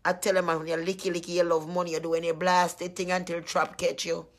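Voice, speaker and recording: A woman's voice: lowish voice, level tone, fairly quick. A woman chatting casually with her viewers, teasing and laughing often.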